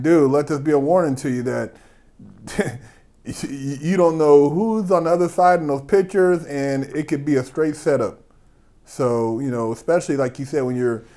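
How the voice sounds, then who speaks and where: A man hosting a podcast, talking in a relaxed, conversational way as he reacts to his guest. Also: medium pitch. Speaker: podcast host. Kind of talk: casual interview chat.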